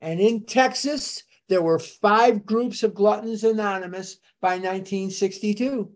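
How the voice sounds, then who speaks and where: An older speaker at a recovery fellowship gathering, telling its early history in a deliberate, storytelling way and dwelling on dates and names. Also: mid-range voice.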